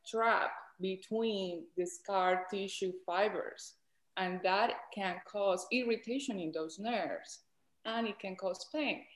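A woman's voice: medium pitch, roomy sound. A woman from Colombia with a Colombian Spanish accent, a doctor guest patiently explaining in an interview.

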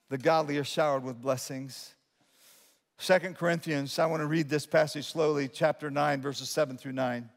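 Male pastor, sermon, fairly high voice, animated with loud peaks and soft asides, long church reverb. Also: moderate pace. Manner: animated preaching, swinging from loud emphatic lines to quiet asides; humorous asides to the congregation. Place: church sanctuary.

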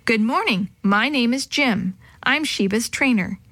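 A woman voicing a calm, firm male animal trainer who gives steady, cautioning instructions. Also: extremely high pitch, unhurried, no room sound, full character voice. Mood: explaining. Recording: dry close sound.

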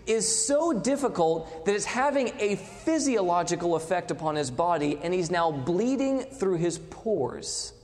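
Male preacher, animated delivery, swings loud to hushed; long hall reverb. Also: sits high, a little slow, few pauses. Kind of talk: sermon.

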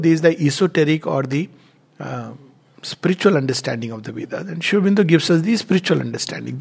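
A man giving an unscripted lecture on spiritual texts, explaining at a measured pace with frequent fillers. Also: a little high, gravelly.

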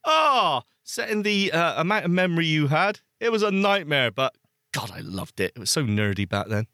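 A man co-hosting a podcast, animated and playful, with quick reactions. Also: fairly high pitch, no echo, studio quality. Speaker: podcast co-host. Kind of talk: casual chat.

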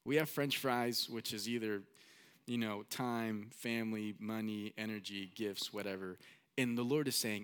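A man's voice: on the low side, steady tone, moderate pace, smooth. A man preaching a sermon in a casual, storytelling manner, often repeating his phrases.

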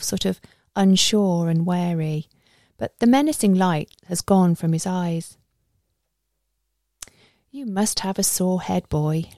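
A woman narrates a first-person adventure story in a steady, measured way. Her voice is low and mellow with a gravelly texture. The recording is close and dry. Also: no echo. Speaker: audiobook narrator.

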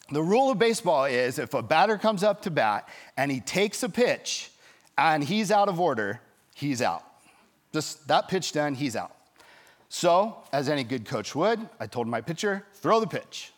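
A man pastor preaching a sermon, telling a story in a lively way and acting out the people in it. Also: medium pitch. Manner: storytelling, animated, acts out quoted voices.

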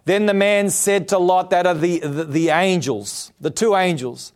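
A man's voice: high-pitched, a little slow. A man preaches with an earnest, emphatic delivery, often asking rhetorical questions. His voice sits a bit above the usual male range. The sermon has a studio broadcast feel. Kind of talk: televised sermon.

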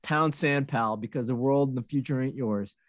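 A man talking movies on a podcast in a medium-pitched voice, recorded dry and close. He speaks emphatically and bluntly. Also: moderate pace, dry recording. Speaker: podcast co-host. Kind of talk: casual chat about movies.

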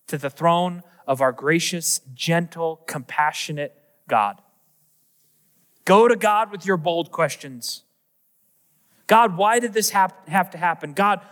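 Slow high-voiced preaching man, echoey hall. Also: a bit bright. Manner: earnest, repetitive preaching cadence. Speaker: pastor. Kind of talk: sermon. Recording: long echoey hall reverb.

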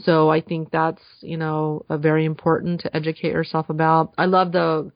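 A woman's voice: deep voice, completely flat delivery, moderate pace, dry recording. A woman speaking as a guest in a casual podcast interview, earnest and enthusiastic, with frequent fillers. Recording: dull slightly lo-fi dry sound.

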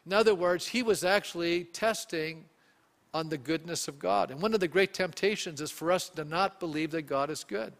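A male pastor preaching a sermon, animated and often putting questions to the congregation. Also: fairly high pitch, moderate pace, in a large hall.

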